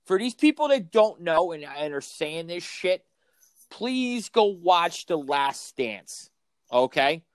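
A man's voice: a little high, sing-song, unhurried, dry recording. Middle-aged guy, raised voice, profane heated sports rant, dry close mic. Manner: heated, swearing, emphatic ranting. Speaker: podcast co-host, youth coach. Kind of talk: profane ranting sports chat.

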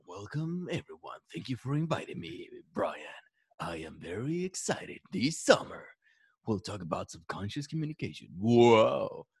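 A man's voice: mid-range voice, big pitch swings, moderate pace, gravelly, slightly rough, no echo. A man from Mexico, a guest image consultant, chatting casually, swearing and laughing as he talks. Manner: profane, joking, laughs often. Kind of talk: casual interview chat.

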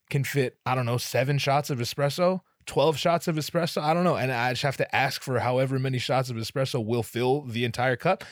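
A man hosting a solo comedy podcast, telling a rambling, profane, self-deprecating story, his voice jumping up in sudden animated bursts. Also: medium pitch, no room sound, studio quality. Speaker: podcast host.

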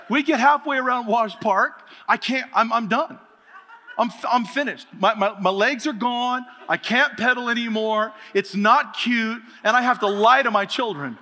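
High, bright-voiced man preaching a sermon. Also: moderate pace, slight background noise. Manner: animated, humorous storytelling with laughter; preaching with rising emphasis. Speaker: pastor. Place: church sanctuary. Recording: reverberant hall with faint music.

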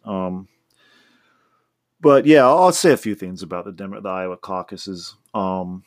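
Speaking low and unhurried, this man hosts a podcast in a loose, rambling monologue that keeps restarting. Faint guitar, played by him, sits underneath.

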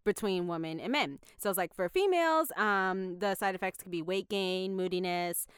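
A woman's voice: mid-range voice, moderate pace, clean tone, no echo, clean studio sound. A young woman co-hosting a podcast, telling a story in casual chat, laughing often and filling her talk with "like". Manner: chatty, laughing storyteller, lots of "like". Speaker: podcast co-host.

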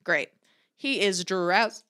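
A woman's voice: mid-range voice, lively intonation, slow, bright, forceful tone, no echo, studio quality. A young woman telling a rambling story in casual chat, full of "like" and swearing freely.

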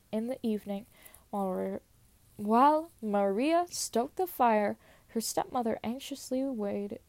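A woman's voice: fairly high pitch, vocal fry, darkish tone, no echo. A young woman casually reading old stories aloud, stumbling over words and swearing in asides. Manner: stumbles and laughs at own slips, swears in asides. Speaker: storyteller.

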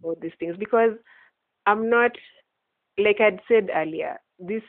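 A woman's voice: mid-range voice, unhurried, no echo. A woman hosting a faith podcast, talking earnestly in casual chat and laughing often. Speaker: podcast host. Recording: tinny phone-like line, dry.

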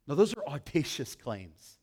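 A man with a somewhat high voice delivers a sermon. He talks straight to his listeners, building to loud emphatic lines and then sinking into low, hushed ones. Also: big pitch swings, a little slow, husky. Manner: direct address to listeners. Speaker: pastor.

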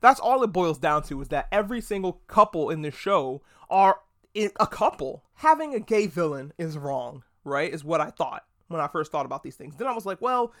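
A podcast host giving a casual, excitable pop culture review, swearing freely and restarting words. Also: mid-range voice, normal speed. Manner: excitable, gushing.

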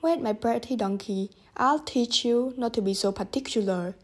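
A woman's voice: a little high, moderate pace, a little mellow, natural voice. A woman voicing a harsh, angry farmer who scolds his donkey sarcastically in a storybook reading.

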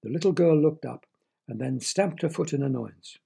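A man's voice: a little high, normal speed, creaky, noisy background. A man telling a children's story, playful and asking the young listeners questions.

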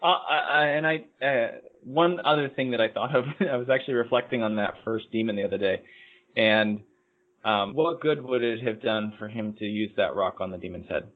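A man on a podcast, calmly giving his analysis of an anime with frequent hesitations. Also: lowish voice. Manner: measured, analytical, hesitant fillers. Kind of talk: casual anime discussion. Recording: tinny phone-like line.

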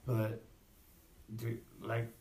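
A man's voice: mid-range voice, monotone, drawn-out words, dark tone, a little hiss or hum. A man talking as a father in a discussion group, reflective and searching for his words.

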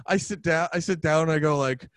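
Male co-host from New Jersey, slightly high voice, crude laughing banter, dry close mic. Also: a little fast, no echo. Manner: laughing, crude, animated storytelling. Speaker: podcast co-host. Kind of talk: casual chat.

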